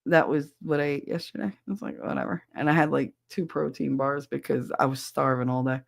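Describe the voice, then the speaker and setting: A woman with a deep, creaky voice hosts a podcast, reading listener chat at a brisk pace in a steady tone while swearing freely and speaking bluntly. The audio is studio quality with no room sound.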